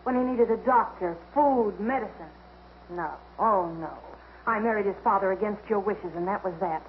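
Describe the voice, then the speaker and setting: A woman's voice: medium pitch, normal speed, dull audio, a little hiss or hum, natural voice. A woman playing a defiant young mother. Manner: firm, defiant. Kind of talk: 1940s film acting.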